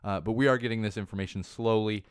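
A man's voice: fairly low pitch, steady tone, fast, clean tone, no room sound, studio quality. A man in his thirties hosting a podcast, talking casually with many fillers and restarts, his voice a little worn. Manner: rambling, lots of fillers and restarts. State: slightly losing his voice. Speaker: podcast host.

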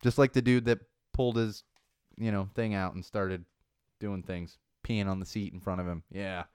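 A man hosting a podcast alone, ranting about the news in a profane, indignant way that swings between low asides and loud outbursts. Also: steady tone, moderate pace, clear, resonant tone, no echo, clean studio sound. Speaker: podcast host. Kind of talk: solo podcast rant. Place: small studio.

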